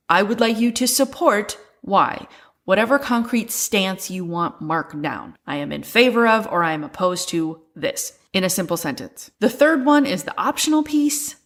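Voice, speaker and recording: Woman co-host, practical step-by-step explainer, mid pitch. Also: fairly bright tone. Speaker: podcast co-host. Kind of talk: casual chat.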